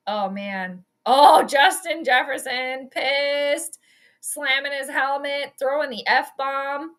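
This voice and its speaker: A young adult woman hosting a live stream, giving rambling, excitable fan commentary on a football game and swearing at the calls. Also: sits high, unhurried. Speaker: host.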